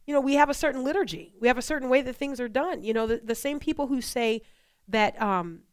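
A woman's voice: high-pitched, fast, clean tone. A woman co-hosting a faith talk show, speaking with passion and repeating phrases for emphasis. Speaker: co-host.

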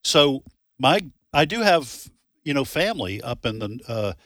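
A man's voice: mid-range voice, very animated, a little slow, a bit bright, no room sound, studio quality. A man co-hosting a live radio talk show, chatting casually, laughing often and rambling with restarts. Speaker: radio co-host.

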